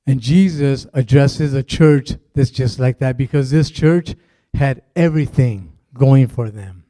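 A middle-aged pastor with a warm, mellow voice, preaching casually from the pulpit. He rambles through asides and fillers. The sound is dry and close, with no room echo. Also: mid-range voice, a little slow. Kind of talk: conversational sermon.

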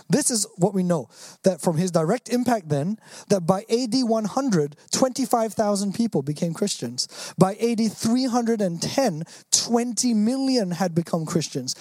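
An earnest preacher delivers a sermon with strong emphasis. The speaker acts out quoted lines in different voices. The pitch sits in a middle range, and the recording is dry and close with no room echo. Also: darkish tone.

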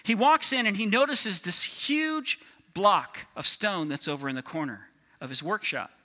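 A man's voice: high-pitched, moderate pace. A man preaching a sermon with energy, often asking the congregation for agreement. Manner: energetic, asks the crowd for agreement. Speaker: pastor.

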